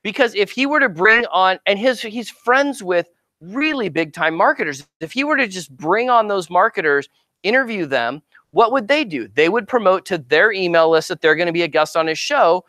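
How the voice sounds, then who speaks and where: A middle-aged man giving an informal marketing seminar in a lively, conversational way, often checking in with "right?". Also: sits high, normal speed, no echo. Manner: conversational, animated, keeps asking "right?". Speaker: marketing speaker and actor coach.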